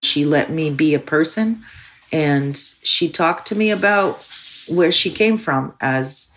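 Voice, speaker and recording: Woman filmmaker, low voice, casual storyteller with lots of "like.". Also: animated, slow. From Soviet Union. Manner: candid, frequent "like" fillers. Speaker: filmmaker guest. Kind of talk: personal storytelling.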